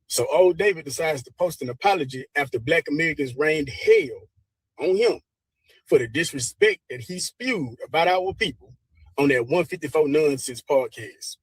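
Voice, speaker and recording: A man with a fairly high, husky voice talks straight at his listeners in an opinionated commentary. He is pleading and preachy in tone. The recording is dry. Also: expressive, normal speed, dry recording. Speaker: co-host.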